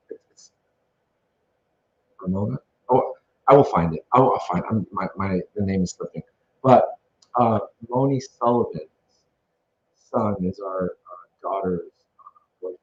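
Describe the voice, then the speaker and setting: With a fairly low, slightly rough voice, a man takes his time and leaves long pauses while narrating pictures from an event he organized. He's casual, enthusiastic and full of fillers as he rambles, over a dull lo-fi recording with faint noise.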